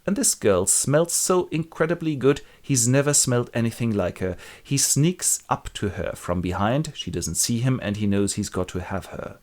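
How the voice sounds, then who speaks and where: A man's voice: mid-range voice, lively intonation, normal speed, few pauses, a little mellow. A man narrating a comic book summary in a wry, playful, joking way. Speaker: literature video host.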